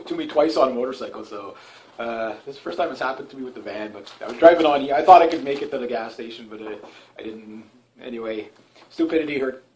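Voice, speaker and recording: A man's voice: mid-range voice, slight background noise, poor audio. Rambling man laughing at his own story. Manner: rambling with many fillers and restarts; laughs often at himself. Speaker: video blogger. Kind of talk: casual rambling monologue.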